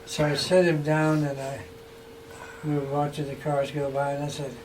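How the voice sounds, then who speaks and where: A man telling funny stories about an old friend in a relaxed chat, chuckling and acting out the quotes. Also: fairly high pitch, moderate pace. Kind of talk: casual anecdotal storytelling. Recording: distant mic with faint background noise.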